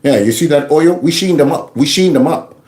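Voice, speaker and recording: A man hosting a reaction commentary show, mocking news clips with loud laughter and playful storytelling. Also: a little high, fairly quick, reverberant.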